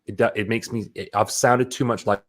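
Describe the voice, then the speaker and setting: Low-ish voiced guy talking sales in an interview, lively, keeps restarting sentences. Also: brisk. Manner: animated, acts out quotes, many restarts. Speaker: sales expert guest. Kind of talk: casual interview chat.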